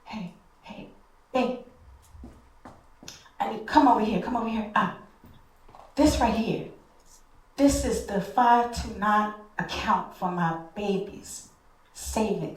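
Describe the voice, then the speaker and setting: A woman's voice: medium pitch, unhurried, pauses often, a little hiss or hum, lightly acted. A woman voicing her aging father, who earnestly instructs his family and keeps calling them over to hand down his plans. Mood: urgent, instructing. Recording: echoey hall, distant mic.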